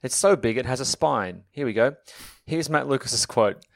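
A young man talks quickly and with lots of enthusiasm, slipping in jokes as he goes. His voice sits at an average pitch, and the recording is dry and close. It sounds like a casual podcast chat. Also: animated, gravelly, dry recording. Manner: chatty, enthusiastic, jokey. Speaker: podcast co-host and author.

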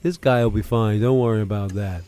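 A man's voice: lowish voice, a little fast, a crowd in the background, voice pushed down, lightly acted. A man playing a clumsy, bumbling male surgeon who keeps apologizing, in a comic sketch. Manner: loud, fumbling, apologetic.

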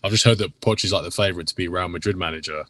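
A man with a very low but bright voice co-hosts a casual football podcast. He gives blunt opinions and chips in with short remarks, recorded in a dry, close sound. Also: dry recording. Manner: blunt, laughs along, quick interjections. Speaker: podcast co-host.

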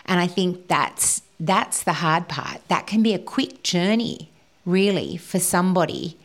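A woman co-hosting a spiritual podcast, talking in an earnest, flowing way and sometimes dropping to a whisper. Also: sits low. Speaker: podcast co-host.

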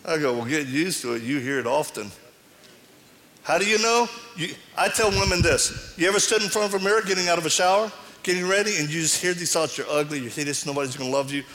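A middle-aged man with a high voice preaches a sermon a little fast before a live audience in a large, reverberant hall. He tells stories with animation, acting out the dialogue.

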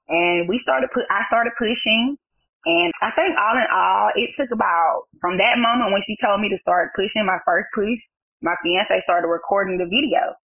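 A young woman, a new mother, tells her own story in an animated and emotional way, often breaking into laughter. Her voice sits at an ordinary middle pitch. It comes through a narrow, phone-like channel. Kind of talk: personal storytelling interview.

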